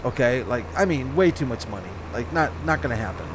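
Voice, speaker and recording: Brisk and lively in intonation, a man with a mid-range voice gives let's-play commentary for his gaming channel, chatting about his farming game. He rambles, corrects himself, and has slight hiccups, all over a noisy background.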